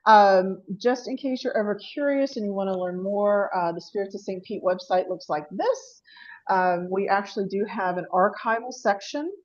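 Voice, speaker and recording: A woman's voice: medium pitch, moderate pace, dull audio. A woman presenting her paranormal investigations at an online panel, chatty and apologetic, laughing often. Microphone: video call.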